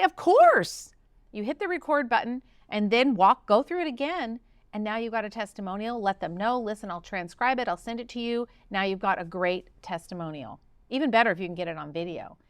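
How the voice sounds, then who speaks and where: A woman with a fairly high voice talks casually and eagerly, as a coach giving advice on a podcast. She acts out quoted conversations with sudden lifts of pitch and excitement. Recorded close on the mic in a dry room. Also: no room sound. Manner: enthusiastic, acts out quoted dialogue with lively pitch jumps. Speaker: podcast host and practice coach.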